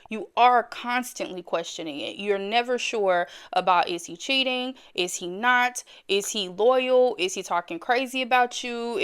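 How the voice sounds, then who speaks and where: A woman with a smooth, resonant voice shares a personal story. She talks casually and straight to her viewers, repeating phrases for emphasis. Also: medium pitch, fairly bright tone. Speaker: storyteller host.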